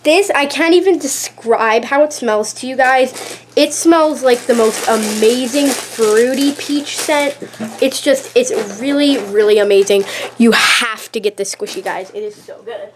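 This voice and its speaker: A high, bright-pitched woman talks through a casual show-and-tell vlog. She is chatty and gushing, leaning on "like" and repeating "really, really." She films on a handheld camera that shakes at times. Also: a little slow, background noise. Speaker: YouTube vlogger showing her collection. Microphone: handheld camera, shaking at times.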